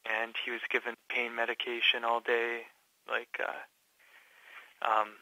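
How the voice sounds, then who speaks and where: A man from Canada speaks in a bright, sharp voice that stays flat in pitch, stumbling through fillers and restarts as he tells his story. The sound is dry and close, with no room around it. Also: dry recording, rough recording. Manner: halting, many fillers and restarts. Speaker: patient guest. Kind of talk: casual interview.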